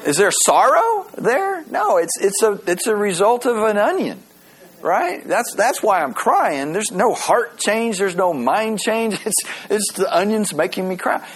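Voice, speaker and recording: A pastor delivers a sermon in an animated, conversational way, his voice high-pitched with a breathy edge. He stumbles over repeated words when beginning sentences and slows down whenever he reads scripture aloud.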